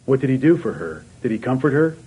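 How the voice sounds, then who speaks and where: A man's voice: medium pitch, big pitch swings, fast, noisy background. A man preaching a sermon, asking the congregation question after question and rising to fervent emphasis.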